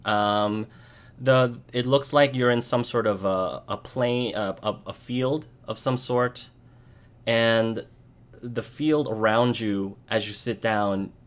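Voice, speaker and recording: Man, game master, narrating a tabletop game, hesitant, frequent restarts, mid pitch. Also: slow pace. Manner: hesitant, with many restarts and fillers.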